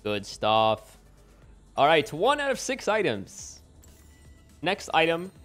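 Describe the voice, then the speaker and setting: A man giving live gameplay commentary as a streamer at home, excitable and bursting into yells and laughs. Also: a little high, slow, soft background music. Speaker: gaming streamer. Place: home room with window open.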